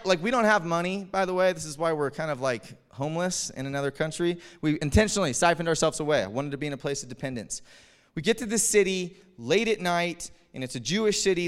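A pastor telling a story in a reverberant hall. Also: male voice, a little high, brisk, smooth. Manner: animated, chuckling storyteller. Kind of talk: storytelling sermon. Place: church hall.

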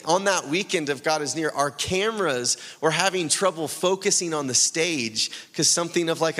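A man with a slightly higher voice preaching to a congregation, animated and storytelling, slipping into voices for the people in his anecdotes. His words ring out with a long reverb, as in a big church hall. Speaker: pastor. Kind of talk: sermon.

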